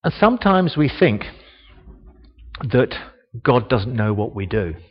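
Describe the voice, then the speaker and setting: Guy preaching slow in a big echoey hall, kinda muffled sound. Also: sing-song, slightly rough. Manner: slow, reflective, rises in pitch and volume on quoted speech. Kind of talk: sermon, Bible reading with commentary. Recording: dull, long reverb of a church hall.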